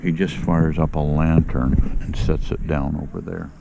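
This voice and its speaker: A man's voice: a bass voice, fairly even intonation, unhurried, vocal fry, heavy background noise. A man telling a rambling story outdoors at a fishing spot at daybreak, repeating and restarting his words as he goes. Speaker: outdoors vlogger. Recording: voice a bit distant from the mic.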